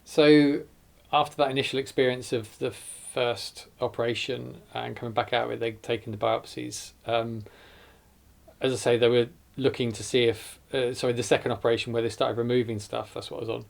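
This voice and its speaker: A man's voice: medium pitch, level tone, a little fast, gravelly. A man, earnestly recounting his hospital ordeal in a documentary interview, often correcting himself as he goes. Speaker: survivor telling his story.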